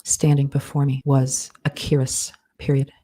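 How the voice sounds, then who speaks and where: Speaking punctuation aloud as she goes, a woman author dictates fiction live. Her voice is low and flat, and her delivery is slow and measured.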